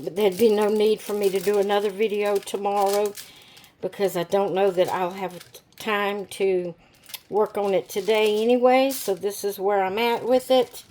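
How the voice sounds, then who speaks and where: A woman hosting a craft channel, talking casually to her viewers in an unhurried way, with many fillers and restarts. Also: medium pitch, darkish tone. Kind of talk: casual tutorial talk to viewers.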